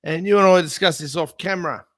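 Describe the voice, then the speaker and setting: A man's voice: sits high, quick pace, a bit bright. An Australian man from a small country town, ranting profanely in a casual political chat. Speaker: podcast host.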